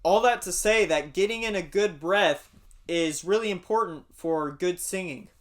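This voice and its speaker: A man teaching a singing warm-up lesson, explaining patiently and singing short demonstrations. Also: high voice, normal speed. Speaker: music teacher.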